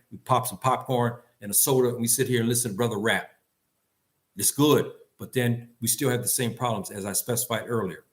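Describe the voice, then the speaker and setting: An older man giving an impassioned monologue to his community, blunt and scolding, repeating himself and firing off rhetorical questions. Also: medium pitch. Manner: emphatic, repetitive, rhetorical questions. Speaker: commentator addressing his community.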